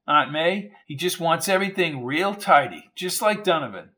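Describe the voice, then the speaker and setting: A man's voice: on the high side, lively intonation, normal speed, sharp tone. A man doing an earnest, resolute young coach. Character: determined young coach mourning his father.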